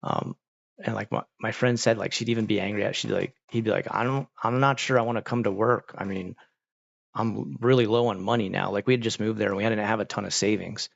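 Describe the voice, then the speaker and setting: A streamer chats casually with viewers, rambling through stories packed with fillers. His voice is on the low side, steady in tone, fairly quick and creaky, and the recording has its highs cut off.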